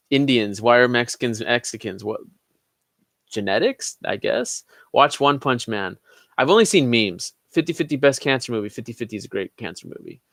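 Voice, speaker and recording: A man's voice: mid-range voice, fairly bright tone, no room sound. A young man hosting a live Q&A, reading viewers' questions aloud and answering them offhand, swearing freely. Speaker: channel host answering live chat questions. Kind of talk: casual livestream Q&A.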